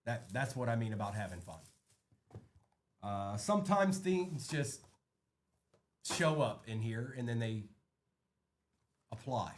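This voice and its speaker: A man's voice: medium pitch, big pitch swings, slow, pauses often. A man hosting a live card break, chatting casually and rattling off names as he opens packs.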